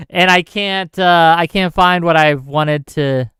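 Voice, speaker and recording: Impassioned man on a crisp, dry mic. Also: fairly high pitch, slow pace, a bit bright, dry recording. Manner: impassioned, repeats himself for emphasis; checks in with listeners with "right?". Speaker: livestream host. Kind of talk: political commentary livestream.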